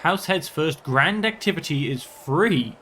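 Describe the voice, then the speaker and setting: A man's voice: a little high, lively intonation, measured pace, sharp tone, a little hiss or hum. A man hosting a let's play, commenting on a strategy game and slipping into mock-archaic, theatrical speech as his ruler. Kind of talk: gameplay commentary with role-play.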